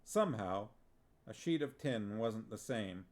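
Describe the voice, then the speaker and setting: A man reading a novel aloud on a stream in a measured, deliberate way, occasionally reading out and answering viewer comments. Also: fairly low pitch, expressive, darkish tone.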